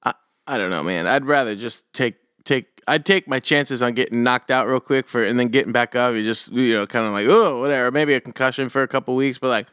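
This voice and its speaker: Young male co-host, cocky and profane, middle pitch, dry recording. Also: brisk, fairly bright tone, clear, resonant tone, dry recording. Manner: boastful, profane, drawls low when stubborn. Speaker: podcast co-host. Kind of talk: casual chat.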